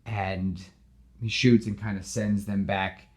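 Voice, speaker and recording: A man hosting a podcast, animatedly retelling his movie pitch with lots of "like" fillers and acted-out dialogue. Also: slow pace. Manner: animated storyteller, full of "like" fillers, acts out dialogue. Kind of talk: casual retelling of a film pitch.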